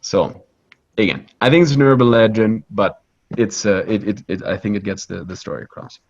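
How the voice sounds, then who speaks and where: Low-voiced man guiding a virtual art tour. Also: normal speed, creaky, husky, dull audio. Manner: lively and conversational, with frequent fillers, restarts and "right?" tags. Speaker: virtual pilgrimage tour guide. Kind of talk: live online guided art tour.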